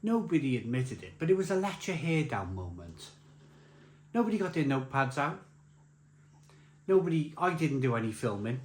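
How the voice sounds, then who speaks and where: A man with a mid-range voice tells a rambling, laughing anecdote as a beer vlogger at a beer festival, restarting many times. The recording has a roomy echo, faint ambience, and a little hiss or hum.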